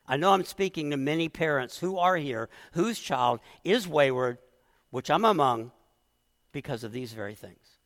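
A middle-aged man delivers a heartfelt sermon as pastor, his voice a touch higher than most men's. He is earnest and emotional and stumbles into restarts as he presses his point. A long reverb from the church hall follows his words. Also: animated, normal speed, fairly bright tone.

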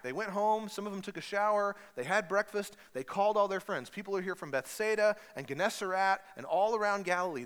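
A male pastor tells a story in his sermon, playfully acting out the people in it. His voice is bright and forceful. The sound carries a long church-hall reverb. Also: high voice, brisk, few pauses, clear, resonant tone. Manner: storytelling, animated, acts out voices with humor.

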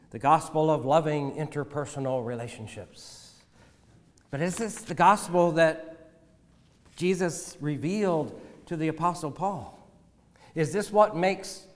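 Slow-preaching man in a reverberant hall. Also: on the high side. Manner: measured, deliberate preaching with rhetorical questions. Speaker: pastor. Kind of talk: sermon.

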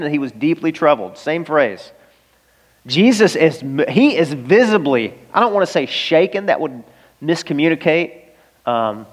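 Male pastor, slightly higher register, emphatic sermon delivery, long hall reverb. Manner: earnest, emphatic preaching with rhetorical questions.

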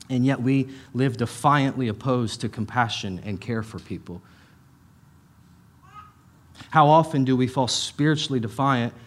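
A middle-aged pastor giving a conversational sermon, with emphatic repetitions and casual asides. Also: male voice, medium pitch.

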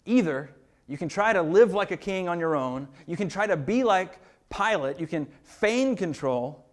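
A man's voice: high voice, expressive, moderate pace. A male pastor preaching a sermon in an earnest, emphatic way, often repeating words as he builds a point.

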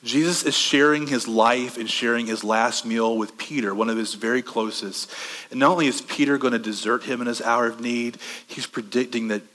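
A man preaching a sermon conversationally, asking the room questions and swinging between quick bursts and slow, soft stretches. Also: medium pitch, steady tone, long reverb tail. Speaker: pastor.

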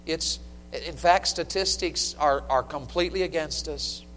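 Middle-aged guy preaching, kinda high voice, gets loud then goes quiet, big echoey church sound. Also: unhurried, a little hiss or hum. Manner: emphatic, storytelling, swings from loud to hushed. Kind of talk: sermon. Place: church sanctuary.

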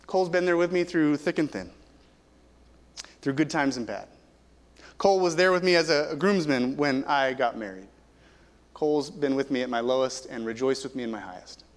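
A man in his thirties preaching a sermon as pastor, earnest and conversational with pauses and restarts. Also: medium pitch, lively intonation. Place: church sanctuary. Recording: long hall reverb.

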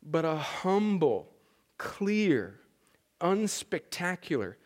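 A man's voice: a little high, sing-song, very slow. A man preaching a sermon as pastor, talking in a conversational, emphatic way that often restarts its sentences.

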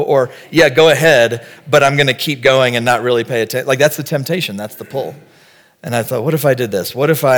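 A middle-aged male pastor giving a conversational sermon that builds to fervent emphasis. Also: medium pitch. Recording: long hall reverb.

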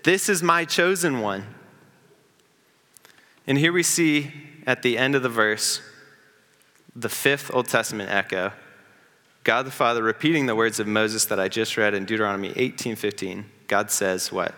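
Bright-voiced man preaching in a hall. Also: on the low side. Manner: earnest preaching, builds up and slows for emphasis. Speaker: pastor. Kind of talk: sermon.

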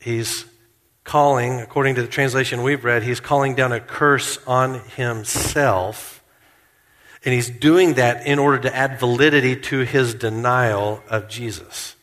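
A man preaching a sermon in a church, earnest and slowing down to stress key points. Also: mid-range voice, fairly even intonation, fairly bright tone, long reverb tail. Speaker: pastor.

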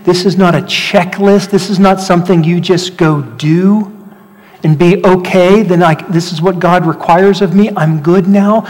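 A man preaching a sermon as pastor, animated, swinging between loud rhetorical questions and hushed emphasis. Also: high-pitched, unhurried. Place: church hall. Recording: long hall reverb.

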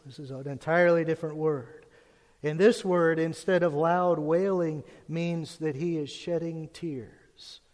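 A man giving a sermon as pastor, earnest, dropping his voice low and soft when he reads scripture. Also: in a large hall.

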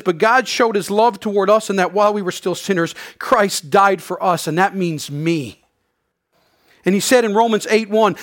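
A man's voice: high voice, fairly bright tone. A middle-aged man from Canada preaching a sermon with earnest conviction and wry asides. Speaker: pastor.

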